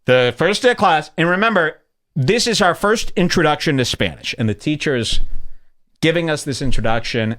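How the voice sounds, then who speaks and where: A man hosting a podcast in casual comedic chat, animated, swearing freely and mimicking the clips he plays. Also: medium pitch, clear, resonant tone. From United States. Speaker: podcast host.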